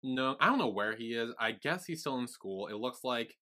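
A man's voice: mid-range voice, lively intonation, normal speed, bright, forceful tone. A man co-hosting a podcast, summarizing plot in an easygoing casual chat. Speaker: podcast co-host.

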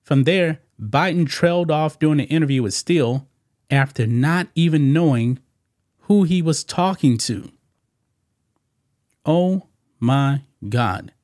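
A man's voice: on the high side, takes it slowly, long pauses, darkish tone, no echo, studio quality. A man hosting a reaction commentary channel. He talks emphatically, repeats himself, and keeps saying "man". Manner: repetitive, emphatic, calls listeners "man".

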